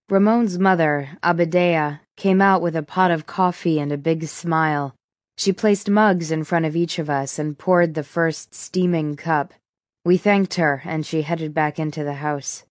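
A woman narrating a first-person audiobook in a measured, steady way. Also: sits low, no echo, studio quality.

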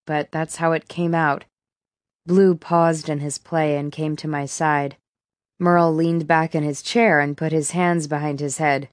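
A woman narrating a first-person audiobook in a measured, steady way. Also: sits low, no echo, clean studio sound.

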